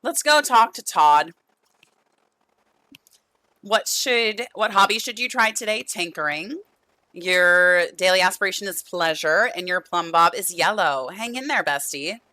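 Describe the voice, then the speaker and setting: Young woman streamer, chatty and sweet, bright voice, voice a bit worn out. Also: fairly low pitch, lively intonation, unhurried, no room sound. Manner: chatty, affectionate, talks to game characters and chat. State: losing her voice. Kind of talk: casual gameplay stream chat.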